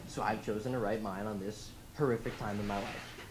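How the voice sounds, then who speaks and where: A teenage boy performing a stand-up comedy set in a comedy club, telling stories in a deadpan way on a handheld mic. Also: medium pitch, brisk, background noise. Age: teens.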